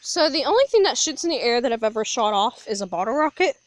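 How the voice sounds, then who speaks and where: A high-pitched woman narrates casually to the camera and chats to a baby while filming. Her bright voice moves up and down a lot. She was recorded close and dry on a phone outside at night. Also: big pitch swings, fast talker, no room sound. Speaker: vlogger filming. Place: backyard at night, outdoors.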